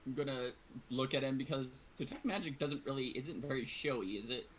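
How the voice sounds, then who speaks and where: A player in a casual tabletop game, chatty and quick to laugh. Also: medium pitch, slight background noise, rough recording.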